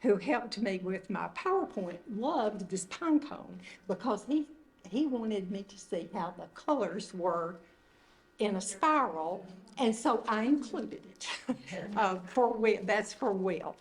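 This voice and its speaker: A woman's voice: mid-range voice, animated, slow pace. An older woman leading a retreat group, giving an informal, conversational teaching talk indoors in a meeting room. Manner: conversational, loosely phrased, gentle. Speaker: retreat leader.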